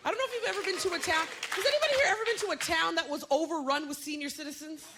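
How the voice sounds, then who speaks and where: A woman comedian performing a stand-up set on a club stage, animated and jumping into shrill impressions. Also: racing, very noisy. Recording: loud audience laughter and room ambience.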